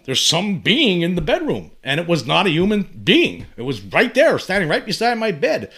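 A channel host in his fifties speaks alone to the camera in a fairly high, slightly bright voice. His monologue is rambling and impassioned, full of repeated words and restarted sentences as he builds toward urgent appeals.

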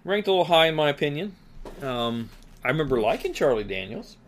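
A man's voice: fairly high pitch, sing-song, fairly quick, a little hiss or hum. A man co-hosting a podcast, rambling casually with restarts and easy laughs. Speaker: podcast co-host. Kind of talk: casual chat.

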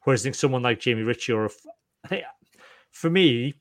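A man co-hosting a podcast, telling stories in a lively, animated way and mimicking the people he talks about. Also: mid-range voice, fast talker, dry recording. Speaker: podcast co-host. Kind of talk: casual sports chat.

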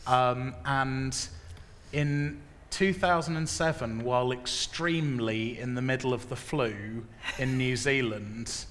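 A man in casual chat, rambling and deadpan. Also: mid-range voice, slow, slight background noise. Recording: reverberant room, faint ambience.

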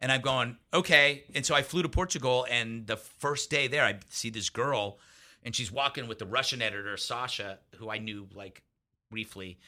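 A man's voice: medium pitch, moderate pace, sharp tone. A man as a guest in a casual interview, telling anecdotes in a rambling way with many restarts and asides.

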